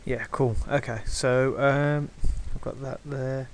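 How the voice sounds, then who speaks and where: A man's voice: mid-range voice, steady tone, slow, slight background noise. A man teaching digital painting step by step, hesitant and reassuring, with many ums. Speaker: art tutor.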